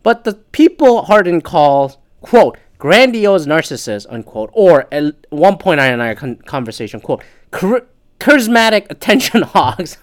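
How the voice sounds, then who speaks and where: A podcast host reading an article aloud and breaking off into sarcastic, profane asides in casual commentary. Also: mid-range voice. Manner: profane, sarcastic asides between read passages.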